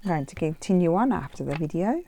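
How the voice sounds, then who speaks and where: A woman's voice: on the low side, sing-song, quick pace, gravelly, warm tone, a little hiss or hum. A woman vlogging casually as she makes paper crafts, thinking aloud and drifting off on tangents. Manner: rambling, chatty, wanders off on tangents; thinks aloud while working. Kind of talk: casual chat while crafting.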